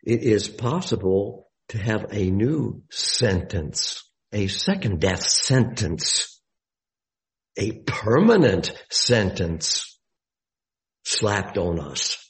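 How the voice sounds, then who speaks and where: A man giving a Bible study sermon, deliberate and explanatory, with emphatic rises on key words. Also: lowish voice, sing-song, rough recording.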